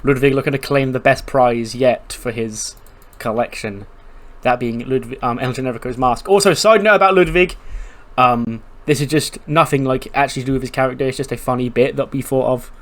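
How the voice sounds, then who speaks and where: A man's voice: medium pitch, a little fast, fairly bright tone. A man casually narrating his game playthrough, chatty and storytelling with lots of fillers. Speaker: game streamer.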